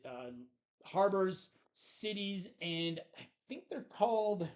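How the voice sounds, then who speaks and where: A man's voice: high voice, animated, slow pace. A man co-hosting a casual board game review, talking with enthusiasm and many fillers as he shows the components.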